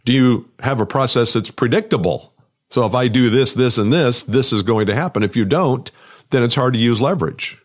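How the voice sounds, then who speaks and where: A man, a sales and business coach, talks alone on his podcast in an energetic, conversational way, often repeating words for emphasis. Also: mid-range voice, moderate pace. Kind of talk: solo podcast monologue.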